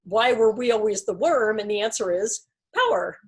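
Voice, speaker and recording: A woman's voice: a little high, lively intonation, normal speed. A woman leading a casual Bible study discussion, explaining thoughtfully with examples and many "like"s and "you know"s.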